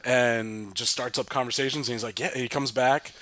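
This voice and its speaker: A man hosting a podcast in casual chat, his voice congested and lowered from a cold, rambling with fillers and restarts. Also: fairly even intonation, normal speed, sharp tone, dry recording. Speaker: podcast host.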